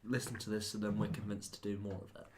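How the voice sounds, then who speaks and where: A chatty man with a fairly low voice co-hosts a casual film podcast. He swears freely and bursts into loud laughs. Steady background noise runs under his voice. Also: fast. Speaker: podcast co-host.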